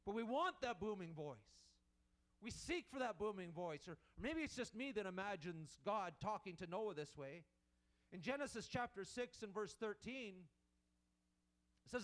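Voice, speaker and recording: A man's voice: high-pitched, expressive, moderate pace, fairly bright tone. A man preaching a sermon in an earnest manner, repeating and restarting as he builds his points.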